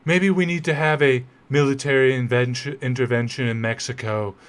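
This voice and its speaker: A man putting on a boastful, rambling older male politician for a quick impression. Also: a little high, animated, natural voice.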